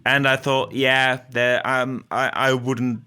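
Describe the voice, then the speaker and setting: A man hosting a podcast, talking in a measured, hesitant way with many ums. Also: mid-range voice, level tone, pushed and bright, slight background noise. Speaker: podcast host. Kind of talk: casual chat.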